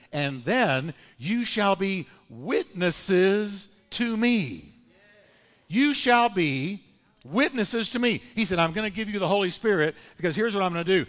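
A man preaching a sermon as pastor, with emphatic, drawn-out phrases and call-and-response with the congregation. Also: sits high, a bit bright, long reverb tail. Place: church sanctuary.

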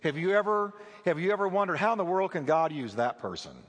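A male pastor preaching a sermon, telling a story with animated delivery and acting out the voices of the people in it. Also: sits high, quick pace. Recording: long hall reverb.

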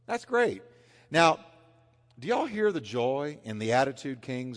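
A man preaches with a lively, rising and falling pitch, punching some phrases loudly and dropping others to a hush. His voice rings out with a long reverb, as in a church sanctuary. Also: unhurried. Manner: animated, swings between loud emphasis and hushed intensity. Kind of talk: sermon.

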